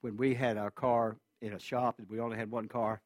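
Male pastor preaching, earnest emotional storytelling, goes loud then hushed, dry close sound, mid pitch. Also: level tone, a little fast, dry recording. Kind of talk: sermon storytelling.

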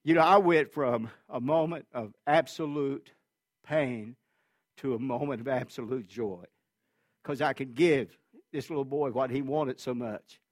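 A man preaching a sermon as a pastor, telling a personal story earnestly and with feeling, his voice swinging between loud and hushed. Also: medium pitch, a little slow, no room sound, studio quality.

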